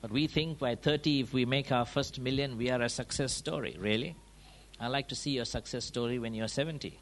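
A man preaching a sermon, driving his points home with rhetorical questions and quick checks like "huh?" and "yeah?", his volume rising and falling for emphasis. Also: medium pitch. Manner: emphatic, swings between raised and dropped volume.

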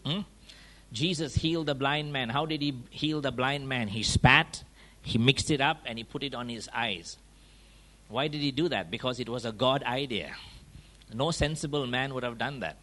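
A man preaching a sermon, driving his points home with rhetorical questions and quick checks like "huh?" and "yeah?", his volume rising and falling for emphasis. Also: mid-range voice, fairly bright tone. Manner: emphatic, swings between raised and dropped volume.

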